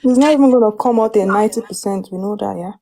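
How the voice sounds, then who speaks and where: Fast, insistent woman with a dark voice. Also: medium pitch, vocal fry. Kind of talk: live audio chat.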